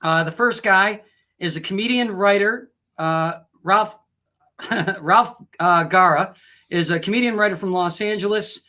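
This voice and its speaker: Upbeat male comedy show host, bright voice, jokey and casual. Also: high-pitched, a little slow. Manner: upbeat, laughs often. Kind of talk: casual comedic chat and joke telling.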